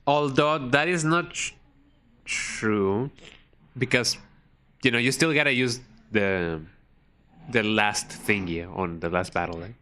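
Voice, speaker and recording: A man's voice: medium pitch, takes it slowly, pauses often, sharp tone, a little hiss or hum. A man streaming a video game, chatting in a rambling, jokey way that trails off with "you know". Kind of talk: casual live-stream commentary.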